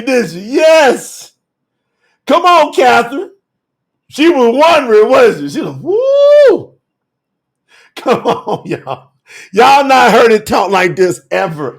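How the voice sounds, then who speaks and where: A man's voice: very high voice, lively intonation, a little slow, creaky. A man teaching scripture on a live telethon, preaching with exuberant commentary, laughing often and calling out viewers by name.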